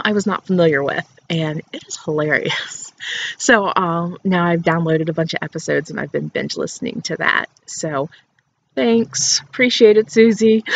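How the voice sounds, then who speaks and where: Chatty woman hosting a knitting show. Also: on the low side. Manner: chatty and playful, laughs often. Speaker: knitting podcast host. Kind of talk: casual show-and-tell chat. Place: outdoors. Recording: dull outdoor recording with faint background noise.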